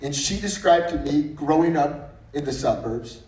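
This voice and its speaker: A man's voice: fairly high pitch, moderate pace, dark tone. A man in his thirties gives a faith-based talk at a breakfast meeting. He tells funny stories and often restarts his sentences. His voice comes from some distance and sounds roomy. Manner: anecdotal and humorous, with frequent restarts. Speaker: guest speaker. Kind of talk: faith-based storytelling speech.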